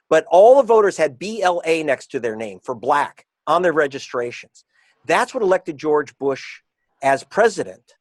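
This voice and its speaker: Man, author guest, emphatic and combative, slows down to stress points, dry sound. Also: a little high, big pitch swings, no echo. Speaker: author and investigative reporter. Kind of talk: interview guest.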